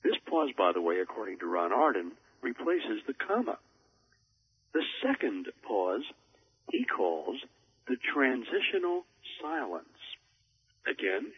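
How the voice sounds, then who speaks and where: A man coaching on public speaking in a measured way, with deliberate pauses for emphasis. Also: medium pitch, wildly swooping pitch, husky, highs cut off. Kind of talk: instructional talk on a recorded program.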